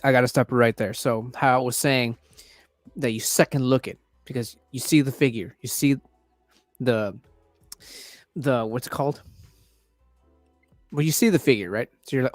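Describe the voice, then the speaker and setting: A man's voice: mid-range voice, moderate pace, pauses often, no room sound, soft background music. A man hosting a casual livestream, talking loosely and swearing freely as he reacts to trailers. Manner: loose, profane, chatty. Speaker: livestream host reviewing trailers.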